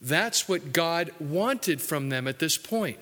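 A man preaching a sermon earnestly, his voice rising for emphasis and dropping low for asides. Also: expressive, slow, fairly bright tone. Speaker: pastor. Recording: hall reverb.

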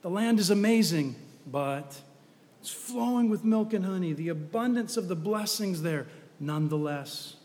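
A man's voice: high voice, animated, normal speed, a little mellow, big-room sound. A man preaching a sermon in a conversational, storytelling way with humorous asides.

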